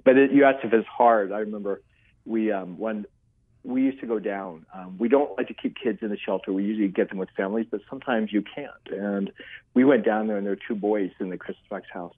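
Husky older man over a phone line. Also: on the low side. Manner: earnest, rambling storytelling with many restarts. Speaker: author and guest. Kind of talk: casual interview chat.

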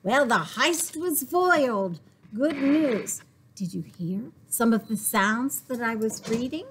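A woman librarian reading a picture book aloud to young children, slow and clear. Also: fairly high pitch, animated, slight background noise. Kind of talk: storytime read-aloud.

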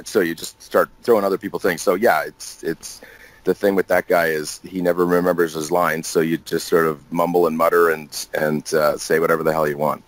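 A man with a very low voice chatting as a guest in an interview. He tells loose, joking anecdotes and keeps laughing. The sound is dry and close, with no room echo. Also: flat delivery, a little fast. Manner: jokey, laughing, many restarts. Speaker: guest actor. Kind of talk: casual interview storytelling.

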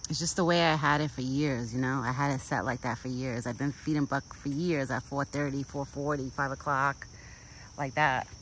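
A woman's voice: extremely low pitch, fairly even intonation, moderate pace, slight background noise, low-quality recording. Chatty woman vlogging outdoors. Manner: rambling and chatty, with cooing baby talk to a deer. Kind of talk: casual chat. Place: outdoors in a rural yard. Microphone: phone camera.

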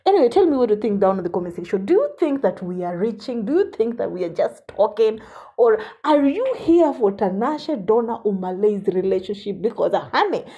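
A woman's voice: mid-range voice, sing-song, a little fast, mellow, husky, highs cut off. A woman hosting a celebrity gossip vlog, sassy and teasing, often saying honey.

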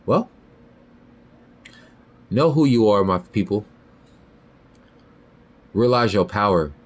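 Man, podcast host, ranting monologue, profane, heated, very animated pitch. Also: slow. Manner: heated, profane, repeats "you feel me" and "bro"; swings from loud high outbursts to low muttered lines.

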